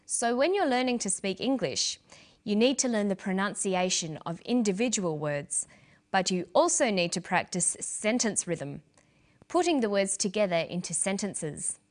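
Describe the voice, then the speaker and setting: A woman's voice: mid-range voice, animated, moderate pace. Woman teaching English pronunciation. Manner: clear, carefully paced teaching delivery. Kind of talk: scripted instructional narration.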